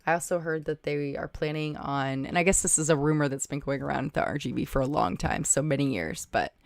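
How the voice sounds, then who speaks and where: Woman, low voice, casual livestream host, dry close sound. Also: a little fast, gravelly, no echo. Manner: chatty, thinks aloud, thanks viewers by name. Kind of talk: casual livestream chat reading viewer comments.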